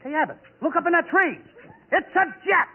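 A man doing excitable, whiny 1940s radio comedy as the comic partner. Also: very high-pitched, normal speed, phone-quality sound. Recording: scratchy 1940s radio broadcast with loud hiss.

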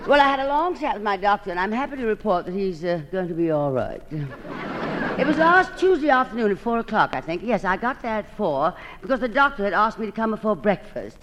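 A woman's voice: medium pitch, very animated, a little fast, background noise. A woman hosting an old-time radio comedy monologue, delivering it in a theatrical drawl and calling everyone darling.

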